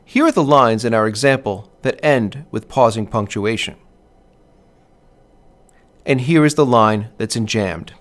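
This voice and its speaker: A man narrating a scripted poetry lesson as a teacher, in a measured way, stressing the rhythm when he reads verse aloud. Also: mid-range voice.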